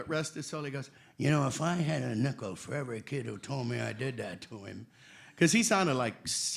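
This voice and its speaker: An older man in his sixties tells stories on a convention panel in a slightly high voice. He is bright and forceful, animated, joking and quick to laugh. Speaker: voice actor guest on a convention panel. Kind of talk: anecdotal panel storytelling.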